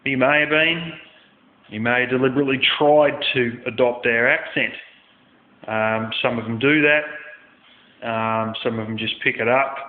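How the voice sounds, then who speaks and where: An Australian man telling a rambling story bluntly, with lots of swearing. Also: medium pitch. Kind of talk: casual storytelling rant. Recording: tinny phone-like sound in an echoey room.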